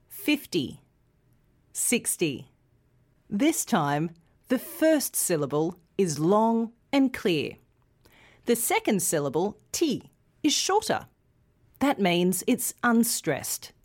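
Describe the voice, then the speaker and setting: A woman's voice: medium pitch, a little mellow. A woman presenting a pronunciation lesson, carefully modelling words for learners to repeat. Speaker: English pronunciation teacher.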